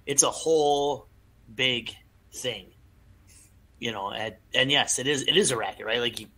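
A man co-hosting a casual podcast chat, rambling and restarting as he talks. His voice is very bright and his pitch sits in the middle. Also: a little slow, poor audio. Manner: rambling, conversational, with many restarts. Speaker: podcast co-host.

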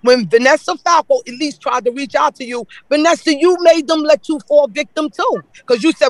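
High-voiced man giving fiery public comment. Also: brisk, hardly any pauses, no echo, poor audio. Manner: emotional, accusatory, repeating his points.

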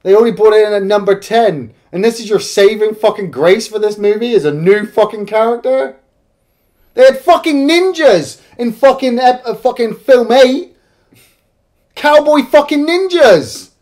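A man's voice: very high voice, a little mellow. A man co-hosting a casual film review, ranting with exasperation and constant swearing. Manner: profane, exasperated, heavy swearing.

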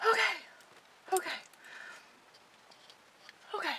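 A woman collector unboxing a doll in a vlog, gushing and squealing with excitement. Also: high-pitched, moderate pace, pauses often, a little hiss or hum.

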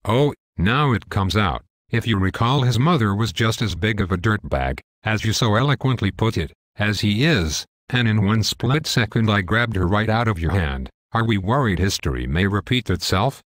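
A pastor voicing a calm, earnest male angel who pleads for more time for a dying man. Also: on the low side, normal speed, hardly any pauses, no echo, studio quality. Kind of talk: one-man dramatized dialogue.

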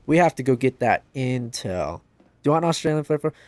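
A man casually commenting on a game livestream and reading chat aloud, joking at his own expense and yelping out loud during play. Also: fast talker, no echo. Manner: excitable, bursts into high yelps during play; self-deprecating, joking. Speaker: gaming livestreamer.

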